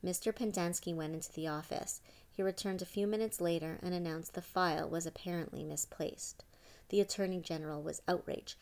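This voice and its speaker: A woman reading a story aloud in a steady storytelling manner. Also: on the low side, a little fast. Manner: steady storytelling, voices each character. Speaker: audiobook narrator. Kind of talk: scripted narration.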